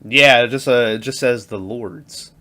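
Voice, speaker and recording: A man co-hosting a movie podcast in casual chat, animated and laughing often as he retells scenes. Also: mid-range voice, unhurried. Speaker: podcast co-host.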